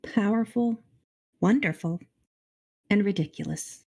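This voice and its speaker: A middle-aged woman reading a children's novel aloud on a charity livestream, expressive and addressing the reader directly. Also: medium pitch, unhurried, gravelly. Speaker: storybook reader on a charity stream.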